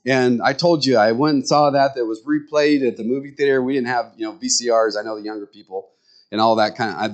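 A middle-aged man preaching a sermon in a folksy, conversational way, full of rambling asides, jumping up in pitch when he acts out what others say. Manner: jumps to high pitch when acting out others' words. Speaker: pastor.

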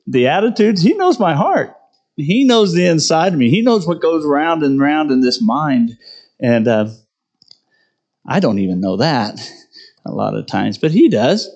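A man's voice: medium pitch, sing-song, a little slow, a little mellow. A middle-aged man preaching a conversational sermon, poking fun at himself and often asking "right?". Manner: conversational, self-deprecating, tags lines with "right?". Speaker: pastor.

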